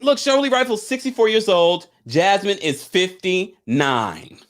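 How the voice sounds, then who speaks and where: A man's voice: sits high, animated, a little slow. A man hosting a live recap stream, chatting casually, reading viewer comments and laughing between remarks. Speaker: live recap show host.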